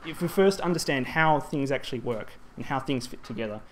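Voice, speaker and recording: Man, mid-pitched voice, conference presentation, explanatory, hesitant restarts, faint background noise. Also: animated, a little fast. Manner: explanatory, frequent ums and restarts. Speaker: Japanese language presenter. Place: presentation hall.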